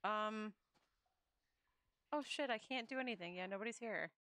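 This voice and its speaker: A woman's voice: medium pitch, normal speed, bright, forceful tone, no room sound. A young woman streamer chatting casually while playing, swearing, laughing and reading game lines aloud. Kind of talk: casual gameplay chat.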